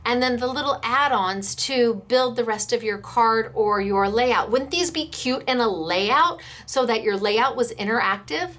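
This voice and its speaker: A woman's voice: a little high, a little slow, few pauses, fairly bright tone. An American woman who runs a craft shop, chatting enthusiastically as she demonstrates stamps and dies and gushes over the samples.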